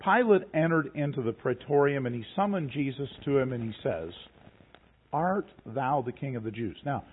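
A man preaching a sermon, reading scripture slowly and then retelling it in plain conversational words. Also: mid-range voice, expressive, slightly rough. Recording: tinny phone-like recording.

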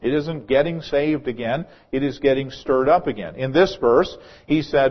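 A man's voice: medium pitch, moderate pace, few pauses, muffled recording. A male pastor preaching a sermon in a church, earnest, often repeating words as he starts a phrase.

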